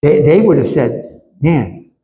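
A man's voice: a little high, very animated, slow pace, mellow. A man preaching a sermon as pastor, earnest and emphatic, often repeating words as he builds to his points. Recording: echoey hall with faint ambience.

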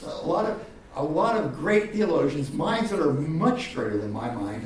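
A pastor preaching a sermon, often repeating words and swinging from loud highs to quiet lows. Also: male voice, slight background noise. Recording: echoey hall from far off.

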